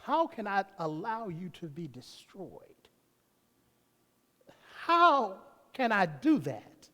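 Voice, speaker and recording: Man, pastor, folksy sermon, animated pitch, reverberant church hall. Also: slow pace. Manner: folksy preacher, talks to himself and the congregation. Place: church sanctuary.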